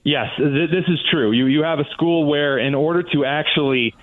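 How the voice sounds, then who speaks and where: A sarcastic, animated man speaks as a guest commentator on political talk radio, mocking the other side with little put-on voices. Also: on the high side, normal speed, dry recording. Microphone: phone line. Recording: tinny phone-line sound.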